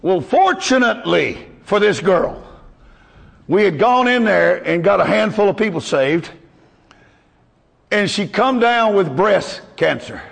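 A man's voice: high-pitched, lively intonation, measured pace, creaky, a bit bright, big-room sound. A male pastor preaching a folksy, emotional sermon to his congregation.

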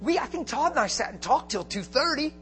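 High-voiced, animated man preaching. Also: a little fast, faint music behind. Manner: animated, laughing, shouts for emphasis. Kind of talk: storytelling sermon.

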